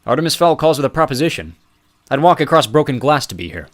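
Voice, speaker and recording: A man voicing a brash, loud, middle-aged American businessman who talks in a pushy, boisterous way. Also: a little high, big pitch swings, quick pace, pitched above the performer's own voice. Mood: brash, eager. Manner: boisterous, pushy and louder than the narration.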